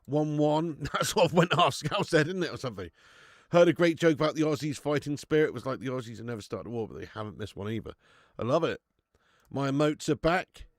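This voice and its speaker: Male stream host, mid-pitched, jokey and bantering, responding to chat, recorded close on a dry mic. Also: animated, fast, no room sound. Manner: jokey, banter-filled, reads out chat comments. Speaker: host of a football watch-along stream. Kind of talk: casual live watch-along chat.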